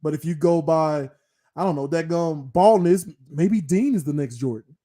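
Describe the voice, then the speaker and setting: A man's voice: fairly high pitch, normal speed, dark tone. A man co-hosting a casual sports talk show, scolding and ranting in mock anger and swapping curses for a made-up word. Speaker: podcast co-host. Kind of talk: heated casual debate.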